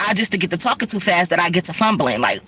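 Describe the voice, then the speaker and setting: A middle-aged woman vlogging in casual chat, talking fast and rambling, with lots of swearing, seemingly from her car. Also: on the low side, big pitch swings, bright, forceful tone, husky. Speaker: vlogger and rideshare driver.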